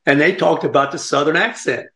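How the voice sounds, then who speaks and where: A man's voice: on the high side, fairly quick, vocal fry, sharp tone, roomy sound. An older man hosting a radio talk show, chatting in a folksy, rambling way and laughing often. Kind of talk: casual radio chat.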